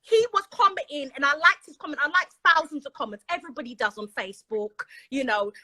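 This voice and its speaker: A British woman with a very high, bright voice tells a story in casual chat. She is chatty and dramatic and acts out the other voices in her tale. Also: expressive, fast talker, low-quality recording. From Britain. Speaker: guest.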